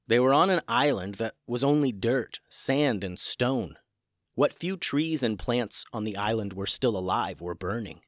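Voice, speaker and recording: Guy reading a kids story, medium voice, dry close mic, gentle and steady. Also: medium pitch, unhurried, no echo. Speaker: podcast host and narrator. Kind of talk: children's storybook narration.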